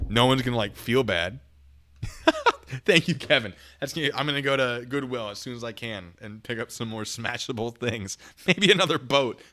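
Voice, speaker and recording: A man's voice: medium pitch, sharp tone. A man hosting a casual livestream, chatting with viewers, laughing often and reading out donations. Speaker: streamer reacting to videos.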